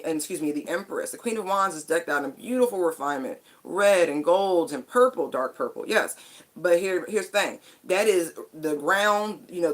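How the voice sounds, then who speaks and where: A woman giving a casual spiritual tarot reading, chatty and emphatic, with casual swearing. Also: on the low side. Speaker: tarot card reader.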